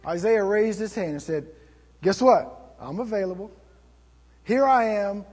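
A man preaching a sermon as a pastor, telling stories in an animated way and acting out the voices in them. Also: high voice, a little slow, big-room sound. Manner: animated storytelling, acts out voices.

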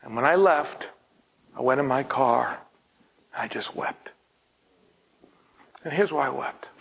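A man preaching, telling a personal story and often dropping to a hushed, breathy near-whisper. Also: mid-range voice, a little slow, rough recording. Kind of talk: storytelling sermon.

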